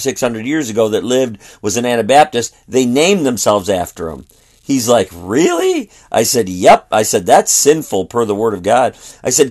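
A middle-aged man, a traveling street preacher, telling a story and quoting both sides of a conversation. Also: medium pitch.

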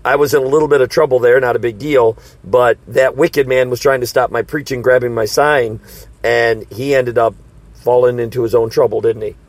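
A man's voice: mid-range voice, fairly even intonation, moderate pace, no echo. A man who preaches on the street, telling stories in a casual Bible discussion and acting out the voices of people he quotes. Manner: storytelling, acts out quoted voices.

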